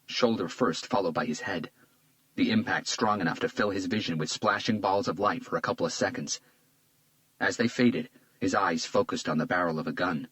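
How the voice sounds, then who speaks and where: A man narrating a crime thriller audiobook in a measured, tense manner, also speaking the lead detective. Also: sits low, fairly bright tone, no echo, low-quality recording.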